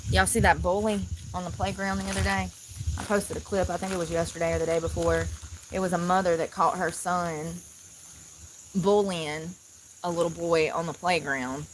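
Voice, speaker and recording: A woman vlogging casually outdoors in the mountains, chatty and animated as she talks to viewers. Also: lowish voice, normal speed. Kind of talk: casual outdoor vlog chat. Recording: outdoor noise, crickets audible.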